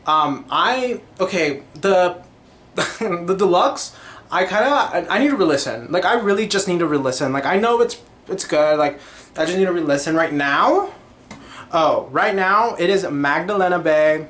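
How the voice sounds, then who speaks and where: A young man talks on his own podcast in a loose, gushing ramble, leaning hard on filler words and bursting into bits of song. His voice sits a little higher than most men's. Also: lively intonation, normal speed, fairly bright tone. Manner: chatty, gushing, lots of "like" and sung snippets. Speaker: podcast host. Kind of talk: casual solo chat.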